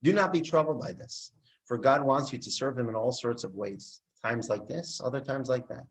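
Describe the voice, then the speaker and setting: A man, likely a rabbi, giving a sermon and telling a story, acting out the characters' dialogue with lively expression. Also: medium pitch, moderate pace, rough recording. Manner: animated storyteller who acts out the dialogue.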